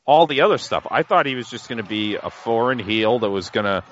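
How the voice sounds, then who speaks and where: A man co-hosting a casual wrestling chat, relaxed and chuckling between remarks. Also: mid-range voice, brisk. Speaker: podcast co-host. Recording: dull lo-fi sound with faint noise.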